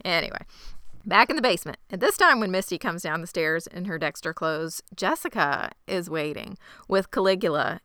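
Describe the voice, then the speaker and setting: A woman's voice: fairly low pitch, animated, moderate pace, sharp tone, no echo, studio quality. A woman co-hosting a podcast, casually and playfully retelling a show's plot. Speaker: podcast co-host. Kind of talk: casual recap chat.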